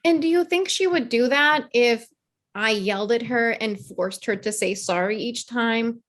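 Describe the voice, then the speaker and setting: A woman's voice: on the high side, unhurried, fairly bright tone. A woman in her thirties, a therapist and mother, talking earnestly and reflectively as a guest in a conversational interview. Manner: earnest, reflective, acts out children's voices in quotes.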